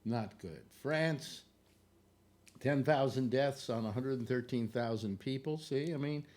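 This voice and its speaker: A man's voice: medium pitch, measured pace, a little mellow. A man hosting a casual live stream from home, rambling and joking, out of breath and tripping over fillers. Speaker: host of a live online show. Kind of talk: casual livestream talk over a map.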